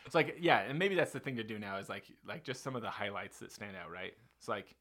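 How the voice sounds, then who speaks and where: A man's voice: on the low side, expressive, fast, fairly bright tone. A man hosting a podcast, telling a long story in a casual, rambling way with lots of fillers and restarts.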